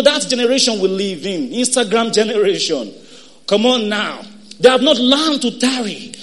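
High-voiced, lively preacher man. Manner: call-and-response preaching, urging the congregation; bursts into shouted exhortations. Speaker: pastor. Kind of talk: sermon.

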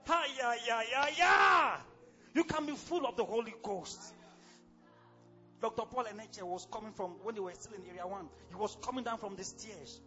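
A man with a Nigerian accent preaching a sermon as pastor, fiery and exclamatory, breaking into sudden shouts. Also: high voice, brisk, muffled recording, soft background music.

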